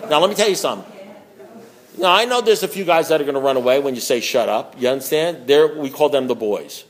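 A man's voice: medium pitch, expressive, fast talker. A man giving a recovery meeting talk, telling folksy stories, acting out both sides of conversations, blunt and joking with frequent laughs. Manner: folksy storytelling, acts out both sides of dialogue. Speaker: recovery speaker.

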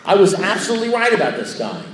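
A man's voice: high-pitched, sing-song, fast, background noise. A man sharing a recovery story, rambling and repeating himself, playfully acting out what others said. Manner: repetitive, self-mocking, acts out quoted lines. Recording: echoey room.

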